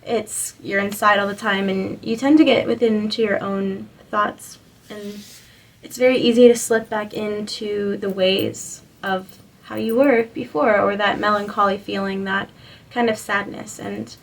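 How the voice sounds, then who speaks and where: A woman's voice: mid-range voice, fairly even intonation, unhurried, gravelly, far from the mic, low-quality recording. A young woman giving a spiritual reading to camera, earnest and encouraging, rambling with lots of "like"s. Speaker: spiritual reader.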